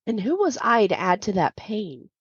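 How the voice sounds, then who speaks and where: A woman's voice: medium pitch, big pitch swings, normal speed, husky, dry recording. A woman hosting a podcast, telling a personal story in a candid, confiding way with many fillers. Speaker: podcast host. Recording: dull lo-fi dry sound.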